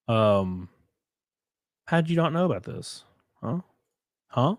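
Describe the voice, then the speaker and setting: A man's voice: medium pitch, sing-song, takes it slowly, vocal fry, pauses often, dry recording, studio quality. A man hosting a live stream in a loose, rambling, joking way, reading out viewer messages and thanking them. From Southern United States. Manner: rambling, jokey, reads out chat messages. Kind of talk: casual live-stream chat.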